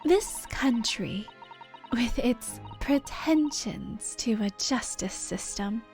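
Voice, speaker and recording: A woman voicing a snooty, cruel noblewoman in a game, speaking slowly and scornfully, sometimes sinking to a whisper. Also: on the high side, animated, darkish tone, soft background music. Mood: sneering. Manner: slow, scornful, dropping to whispers.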